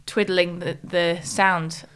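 A woman co-hosting a podcast in casual chat, excitable and apt to get louder as she talks. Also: on the low side, slow, a little hiss or hum. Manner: excitable, gets louder when talking. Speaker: podcast co-host and news presenter.

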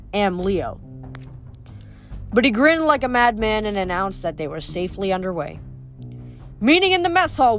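A woman reading a novel aloud in a steady storytelling voice, stumbling over a word now and then. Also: mid-range voice. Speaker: audiobook reader.

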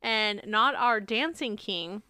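Bright, crisp-voiced woman podcaster. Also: mid-range voice, expressive, takes it slowly, no room sound. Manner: chatty, swears, acts out quotes in voices. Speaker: podcast co-host. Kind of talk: casual chat recapping a reality show.

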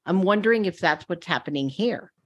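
A woman's voice: on the low side, lively intonation, a little fast, slightly rough, muffled recording. A woman co-hosting a podcast in casual chat, thinking her ideas through aloud.

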